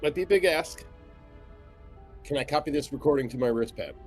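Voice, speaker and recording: A man's voice: a little high, animated, fairly quick, soft background music. A man playing a tabletop game, asking politely and tentatively. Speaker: player. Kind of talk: casual chat at a game table.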